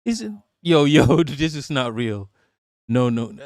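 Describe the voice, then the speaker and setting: A man on a live stream ranting loudly and mockingly with heavy profanity. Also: medium pitch, sing-song, unhurried, no echo, clean studio sound. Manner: loud, mocking, profane, laughs often. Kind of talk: profane political rant on stream.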